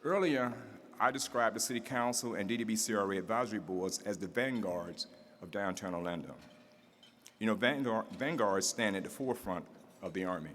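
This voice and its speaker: A man's voice: fairly low pitch, fairly quick, a bit bright, a little hiss or hum. Man emceeing in a reverberant hall. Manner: rousing oratorical build-up, rhythmic repetition. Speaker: master of ceremonies at a civic address. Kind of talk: formal ceremonial introductions. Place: large event hall with audience. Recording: reverberant hall, faint room ambience.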